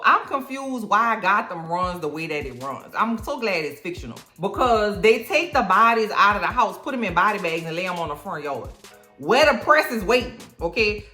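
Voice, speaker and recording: Animated, sassy woman recapping TV. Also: medium pitch. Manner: sassy, animated, joking, slangy. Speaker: video host. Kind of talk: casual TV recap reaction.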